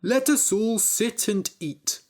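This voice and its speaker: A woman voicing a gullible middle-aged farmer who asks slow, wondering questions. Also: on the high side, a little mellow, voice pushed up. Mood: curious.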